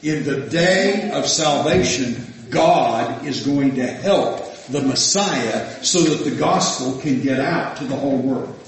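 A man preaching a sermon, reading scripture aloud and asking his listeners questions, rising to emphatic peaks and dropping to soft asides. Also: mid-range voice, slow pace, hardly any pauses, slight background noise. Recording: echoey room.

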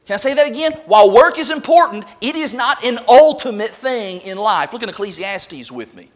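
A man's voice: high-pitched, lively intonation, brisk. A man preaching a sermon who reads scripture aloud and repeats key points with emphasis. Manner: emphatic, repeats scripture references, swings from quiet to loud.

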